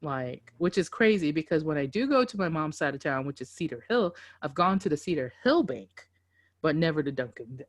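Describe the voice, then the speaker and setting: A woman co-hosting a podcast, casual and loud, swearing freely and laughing through animated stories. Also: deep voice, brisk. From Dallas–Fort Worth area, Texas. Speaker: podcast co-host. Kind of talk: casual chat.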